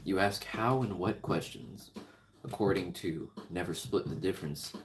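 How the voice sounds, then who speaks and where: A man's voice: sits low, moderate pace. A man talking in a casual, rambling monologue, riffing and swearing freely. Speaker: music vlogger. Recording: clicking background noise.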